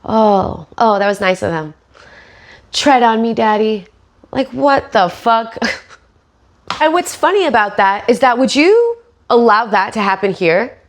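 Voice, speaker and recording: A woman's voice: a little high, very animated, measured pace. A woman podcast host and stand-up comic giving sarcastic, profane commentary.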